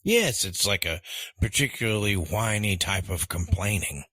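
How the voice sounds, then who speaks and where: A man co-hosting a language-lesson podcast, reading quiz questions in a measured, encouraging way. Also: lowish voice, animated, sharp tone, no room sound. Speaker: podcast co-host, quiz master.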